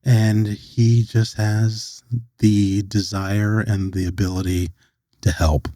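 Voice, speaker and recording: A middle-aged American man with a lowish, mellow voice tells a long personal story as a podcast guest. He slips into the voices of the people he quotes. The recording is dry and close, with no room sound. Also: slow pace, no room sound. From United States. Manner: animated storyteller who acts out quoted dialogue.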